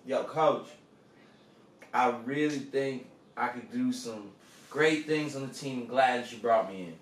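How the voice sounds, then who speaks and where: A man's voice: medium pitch, takes it slowly, echoey room, far from the mic, a little hiss or hum, pitched below the performer's own voice, natural voice. A man voicing an eager young male college football recruit who talks casually.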